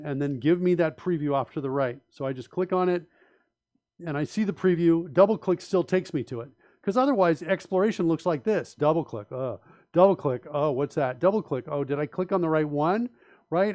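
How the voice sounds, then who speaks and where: A man's voice: on the high side, darkish tone, no echo. A man hosting a live coding stream, thinking aloud in an emphatic, opinionated way with frequent restarts and rhetorical questions. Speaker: host and software developer.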